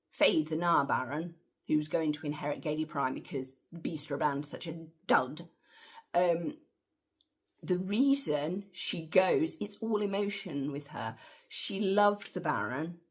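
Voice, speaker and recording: Husky, opinionated woman film reviewer. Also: low voice, lively intonation, measured pace. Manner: chatty, opinionated, slangy asides. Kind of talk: casual film review monologue.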